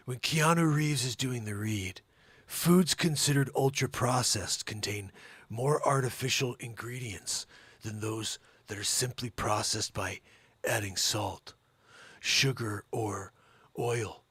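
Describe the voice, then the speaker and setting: Male comedy news host, gravelly and husky, bright tone, joking between headlines. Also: medium pitch, a little slow, no room sound.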